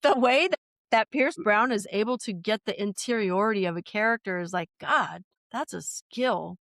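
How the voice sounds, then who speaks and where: A woman chatting on a podcast, telling stories in a rambling, animated way with many restarts. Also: medium pitch, normal speed, dry recording, studio quality. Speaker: podcast guest. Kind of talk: casual podcast chat.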